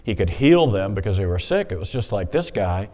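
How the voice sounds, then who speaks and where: A man preaching a sermon in a conversational, animated way, stopping often to explain the Scripture he reads. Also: on the low side, brisk. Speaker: pastor. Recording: hall reverb.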